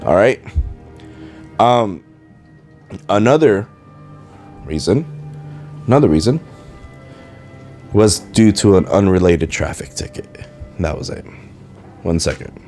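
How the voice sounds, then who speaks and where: A man's voice: low-pitched, animated, slow pace, long pauses, a little mellow. A man hosting a podcast from home in casual, rambling talk, with a slight Spanish accent in his English and a habit of losing his train of thought. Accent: Spanish-influenced English, rolled R's. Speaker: podcast host. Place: at home, dishwasher running. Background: faint video game music.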